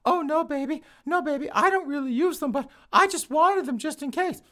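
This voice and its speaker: A man voicing a flustered, shrill woman who has been robbed, squealing in a high-pitched, frantic voice on a comedy podcast. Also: normal speed, bright, forceful tone.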